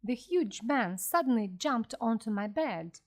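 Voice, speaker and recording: A woman reading a classic story aloud slowly and clearly for English learners. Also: fairly high pitch. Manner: slow, clear, expressive reading. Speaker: audiobook reader for learners.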